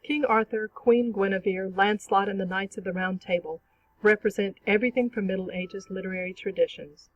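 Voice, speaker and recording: Teacher voice, scripted lesson narration, measured and clear, mid pitch, dry dull recording. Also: steady tone, no echo. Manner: clear, measured explanatory reading.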